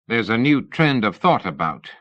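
A man's voice: medium pitch, sing-song, moderate pace, fairly bright tone, no echo, muffled recording. A man reading an insolent, crude male agent who coughs.

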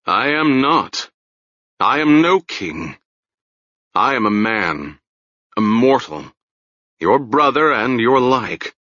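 A man voicing a stern, calm wizard. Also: medium pitch, no room sound, highs cut off, heavily acted. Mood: grave, gentle. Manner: grave, measured, gentle.

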